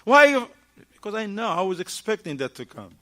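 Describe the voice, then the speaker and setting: A man giving an animated talk at a mosque, firing rhetorical questions at the audience and acting out short dialogues. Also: high-pitched, quick pace. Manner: acts out little dialogues in shifting voices. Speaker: mosque lecturer. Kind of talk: lively mosque talk on marriage.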